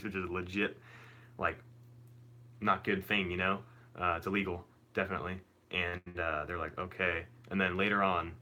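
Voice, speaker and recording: A young man casually telling a long story on a live stream, rambling and animated, full of fillers. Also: sits low.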